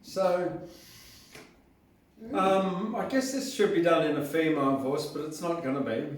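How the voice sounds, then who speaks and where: A man's voice: a little high, measured pace, pauses often. A man at an open mic poetry night, introducing his poems with rambling, hesitant asides. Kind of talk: casual poetry reading intro. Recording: roomy hall from a distance.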